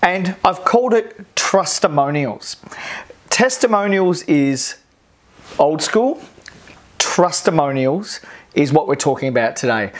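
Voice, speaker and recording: An Australian presenter delivering a recorded online course lesson. The delivery is energetic and repetitive, hammering key phrases and acting out crowd cheers to make a point. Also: medium pitch.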